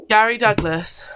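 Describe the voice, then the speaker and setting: A woman reads viewer comments aloud at an easy pace and breaks into frequent laughs. Her pitch swings widely between lines. Faint noise sits under the recording. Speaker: co-host reading viewer comments. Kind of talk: casual chat.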